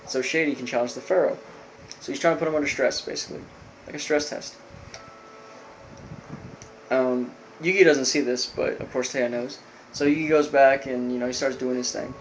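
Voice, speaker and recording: An anime episode reviewer, a man with a mid-range voice and fairly even intonation, casually recaps a show episode over poor audio with a faint hiss beneath it. His retelling rambles, heavy with fillers and restarts, and he slips into quick, loosely paraphrased character lines.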